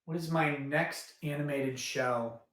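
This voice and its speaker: A man's voice: a little high, fairly even intonation, slow, a bit bright. A man hosting a casual livestream, rambling and thinking aloud as he goes, often restarting his sentences. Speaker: livestream host. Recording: roomy echo.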